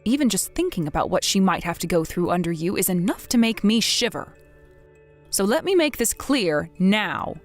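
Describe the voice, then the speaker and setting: A woman playing a blunt, widowed older mother who scolds her grown son in a measured, firm way, in a scripted text-message drama. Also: medium pitch.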